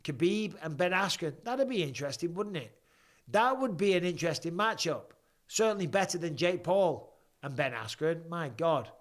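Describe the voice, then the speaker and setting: A man's voice: fairly high pitch, lively intonation, moderate pace. Sweary blunt man live-streaming. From England. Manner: blunt, sweary, banter with viewers. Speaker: livestream host watching fights. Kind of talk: casual live-stream chat reading viewer questions.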